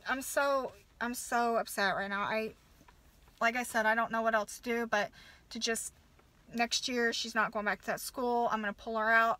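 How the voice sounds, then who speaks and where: A woman's voice: a little high, pushed and bright, rough recording. A woman in her thirties, a nurse and mother, venting angrily to camera with lots of swearing and stop-start restarts. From United States. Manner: profane, halting, many restarts. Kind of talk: angry personal rant.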